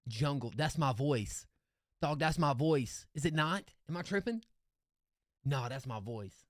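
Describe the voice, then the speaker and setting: A young man hosting a live-stream song review, excitable and slangy, laughing often as he reacts. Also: on the high side, measured pace, soft background music.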